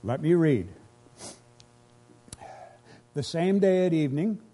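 Man preaching a sermon, husky, mellow, earnest and emotional, repeats his phrases. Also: on the high side, animated, takes it slowly. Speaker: pastor.

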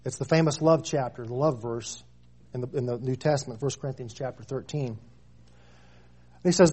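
A man's voice: mid-range voice, a little fast, pauses often, darkish tone, husky. A man in his thirties preaching a sermon, stressing key phrases with rising emphasis and repeating lines for weight. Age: 30s.

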